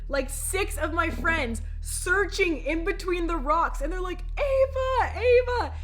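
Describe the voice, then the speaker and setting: A young woman telling a storytime vlog to the camera, chatty and animated, talking straight to her viewers. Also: high voice. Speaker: vlogger.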